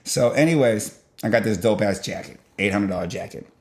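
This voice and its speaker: A young man telling a long story in a loose, rambling way, full of filler and sound effects. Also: a little fast. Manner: rambling, peppered with "blah blah" and "boom"; animated, jumps in loudness while retelling. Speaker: vlogger.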